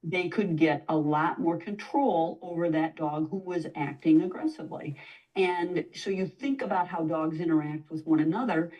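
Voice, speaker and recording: A woman's voice: low voice, normal speed, far from the mic, muffled recording. A woman dog trainer, a guest in a conversational interview, explaining at length and now and then acting out what a dog might say. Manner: explanatory, acts out dog voices in quotes.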